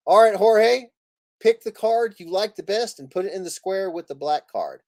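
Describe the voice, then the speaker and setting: A male streamer chats casually on a live stream while playing, speaking a little slowly but animatedly, his pitch jumping all over as he laughs and jokes. He teases his friends and swears playfully. The recording is close and dry, with no room sound.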